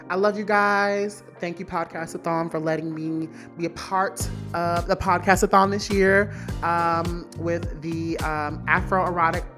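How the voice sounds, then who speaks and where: A woman's voice: on the low side, fairly even intonation, a little slow, over music. A woman hosting a solo celebrity gossip podcast, blunt, profane and brassy, hammering her points home by repeating them, seated on a couch indoors. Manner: repeats lines for emphasis. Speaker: podcast host.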